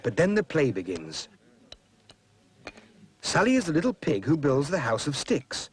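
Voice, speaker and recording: A man gently narrating a children's storybook. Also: on the high side, wildly swooping pitch, a little slow.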